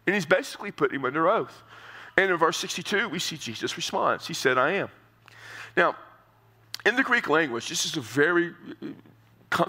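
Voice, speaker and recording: A man preaching an expository sermon, earnest and explanatory, often repeating words and climbing higher as he drives a point home. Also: bright, forceful tone. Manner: earnest, repeats words while explaining, rises in pitch for emphasis.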